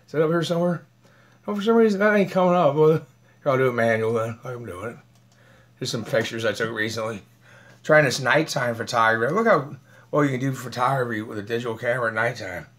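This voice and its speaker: A man's voice: a little high, fairly bright tone. A man vlogging in a rambling, combative way, laughing often and talking while eating. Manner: aggrieved, combative. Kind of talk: rambling live video chat.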